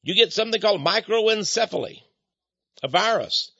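A man hosting an opinionated news commentary in a sarcastic, exclamatory way, swinging between loud outbursts and hushed asides. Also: sits high, animated, normal speed, slightly rough, no echo. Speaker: commentary host. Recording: dull, dry lo-fi recording.

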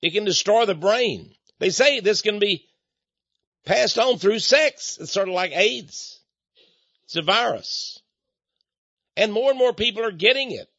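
A man delivers opinionated news commentary in a high, very animated voice with a husky edge. He leans into sarcasm and exclamations, dropping to hushed asides and jumping to sudden outbursts. The recording is dry and dull, lo-fi. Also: unhurried, pauses often, no echo. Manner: sarcastic, exclamatory, dramatic swings between loud and soft. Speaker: commentary host.

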